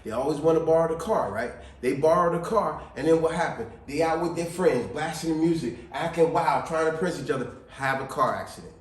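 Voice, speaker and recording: A man giving casual family advice, preachy and animated, repeating his points. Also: on the high side, fairly quick, few pauses, roomy sound. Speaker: video host.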